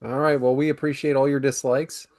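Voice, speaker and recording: A man's voice: mid-range voice, flat delivery, a little fast, darkish tone. A man hosting a podcast, leading segments in an upbeat, casual way and laughing often. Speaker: podcast host. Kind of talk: casual chat.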